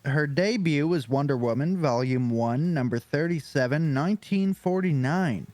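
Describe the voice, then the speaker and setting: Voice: medium pitch, expressive, moderate pace, darkish tone, no room sound, soft background music. A podcast co-host reading a comic-book character profile aloud, casual and swearing, stumbling over hard names.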